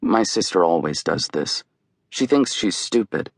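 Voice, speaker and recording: Low-voiced man narrating an audiobook. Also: animated, unhurried, no echo, studio quality. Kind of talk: scripted narration.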